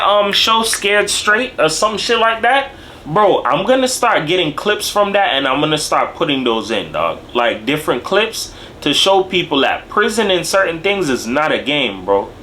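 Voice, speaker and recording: Animated young man, bright voice. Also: a little high, slight background noise. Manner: animated street-slang talk, tags lines with "bro" and "dog". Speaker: video commentator. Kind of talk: casual reaction commentary.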